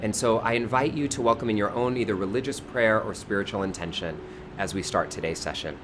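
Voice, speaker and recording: A man's voice: fairly low pitch, a little fast. A man from the Bay Area hosting a live online spiritual session outdoors, greeting viewers effusively by name. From California Bay Area. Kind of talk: live-streamed welcome and teaching. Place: outdoors in front of a high-up window. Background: faint outdoor noise.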